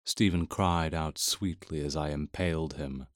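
A man reading first-person audiobook narration in a measured, intimate way. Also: rumbling low, dry recording, clean studio sound.

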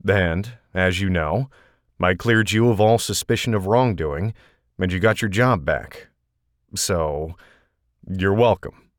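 A guarded grown man, answering evenly and without fuss, as a male audiobook narrator puts him on. His voice is deep and low, and the recording is close and dry. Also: slow, no room sound. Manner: even, matter-of-fact. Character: calm, guarded adult male investigator.

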